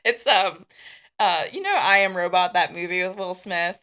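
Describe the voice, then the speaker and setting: A woman's voice: lowish voice, moderate pace, pushed and bright. A woman co-hosting a casual podcast chat, giggly, swearing freely and mimicking others as she tells stories. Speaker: podcast co-host.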